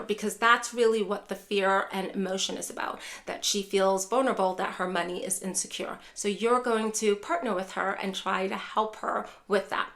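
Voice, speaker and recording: A woman's voice: medium pitch, steady tone, moderate pace, hardly any pauses, fairly bright tone. A woman neuropsychologist teaching dementia caregivers in a direct-to-camera lesson, repeatedly addressing viewers as care partners.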